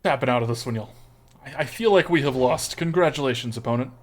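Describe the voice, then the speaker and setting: A man's voice: medium pitch, fast talker. A man streaming a card game, chatting and joking with viewers in a put-on, exaggerated Texas drawl. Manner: folksy, joking, chats with viewers. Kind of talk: casual live-stream commentary.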